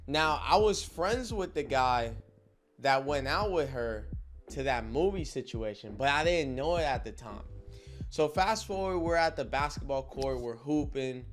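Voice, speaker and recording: A young man telling a story in a casual vlog, animated and full of slang, often turning to his listeners to check they are with him. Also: medium pitch, unhurried, faint music behind.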